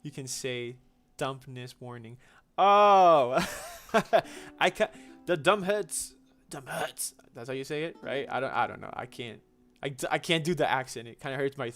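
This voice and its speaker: A man's voice: mid-range voice, a little fast, a bit bright, faint music behind. A young man hosting a gaming livestream, casually answering viewer questions in a chatty, slangy way with frequent restarts.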